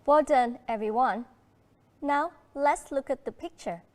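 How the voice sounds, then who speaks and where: A woman with a Vietnamese accent teaching a primary school English lesson, slow and encouraging, switching between English and Vietnamese. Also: high-pitched, darkish tone. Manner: slow, encouraging classroom delivery.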